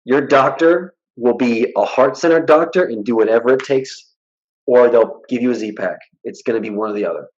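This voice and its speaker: A man's voice: medium pitch, normal speed, dull audio. A man guesting in a casual interview, talking bluntly and acting out the people he quotes. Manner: blunt, animated storyteller who acts out quoted dialogue. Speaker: hypnotist guest.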